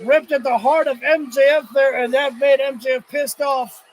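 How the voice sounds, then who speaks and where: A man giving excited play-by-play commentary on a wrestling match during his livestream, reacting loudly and swearing at big moments. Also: very high-pitched, moderate pace, a little hiss or hum.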